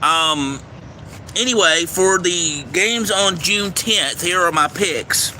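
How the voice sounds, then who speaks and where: Bright-voiced man reading baseball picks outdoors. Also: high voice, takes it slowly. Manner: reads schedules in a steady list, stumbles over names. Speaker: livestream host giving baseball picks. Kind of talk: casual livestream commentary. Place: outdoors near a railway. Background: faint traffic and train noise.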